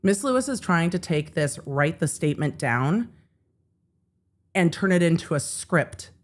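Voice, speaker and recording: A woman's voice: fairly low pitch, lively intonation, a little slow. A woman hosting a live trial-commentary stream, blunt and sarcastic, swearing freely. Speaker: legal commentator host.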